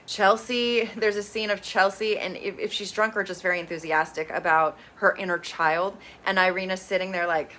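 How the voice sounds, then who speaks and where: A woman's voice: medium pitch, fairly even intonation, normal speed, few pauses, sharp tone. A woman casually recapping reality TV episodes, blunt and sarcastic, swearing freely. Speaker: reality TV reviewer.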